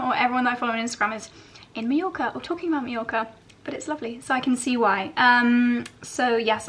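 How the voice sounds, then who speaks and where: A woman's voice: a little high, a little fast, fairly bright tone. A woman, talking to camera in a giggly, gushing, confiding vlog. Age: 30s. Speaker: fashion vlogger.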